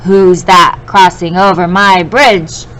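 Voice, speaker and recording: Storybook troll, male, mean and hungry, voiced by a woman: loud, slow, growly. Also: mid-range voice, very animated, a little hiss or hum, poor audio. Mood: angry.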